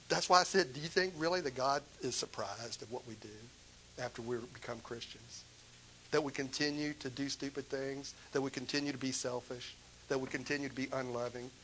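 A man's voice: medium pitch, fairly bright tone, a little hiss or hum, rough recording. A man preaching a sermon in an impassioned, emphatic way, pressing his points with rhetorical questions.

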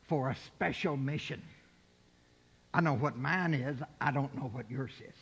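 A man's voice: medium pitch, normal speed, gravelly, fairly bright tone, husky, long reverb tail, highs cut off. An older man preaching a sermon, putting rhetorical questions to his congregation.

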